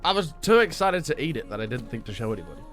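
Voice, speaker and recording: A man's voice: medium pitch, sing-song, racing, a bit bright, faint music behind. A man streaming a game, chatting casually and telling a rambling story. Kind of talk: casual gaming chat.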